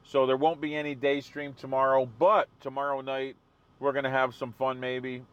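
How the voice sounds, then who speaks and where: A man's voice: medium pitch, little pitch movement, normal speed, a bit bright, clean tone, highs cut off. A man hosting a live stream, chatting casually with viewers and answering their comments. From New England.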